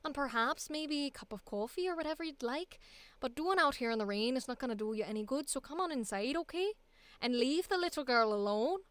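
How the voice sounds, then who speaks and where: A woman's voice: high-pitched, lively intonation, clear, resonant tone, no echo. A woman putting on a strong Irish accent as a caring, coaxing woman inviting someone in for tea. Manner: soothing, fussing, quick. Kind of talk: accent demonstration.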